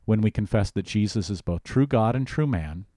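A man with a fairly low voice teaches the Bible as a pastor in relaxed talk. He presses hard on key words and often restarts mid-sentence. The recording is dry and close. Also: moderate pace, no room sound. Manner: emphatic, animated, restarts often.

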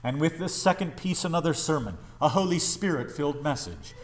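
A male pastor preaching a sermon, pleading and impassioned, swinging between raised urgency and hushed, tender lines. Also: a little high, lively intonation, a little fast.

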